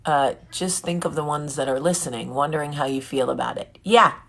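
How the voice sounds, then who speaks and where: Woman, 40s, host, low husky voice, candid and jokey with her viewers. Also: a little fast, a bit bright. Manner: candid, joking and chatty, reading comments aloud. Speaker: vlog host. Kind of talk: casual live chat with viewers.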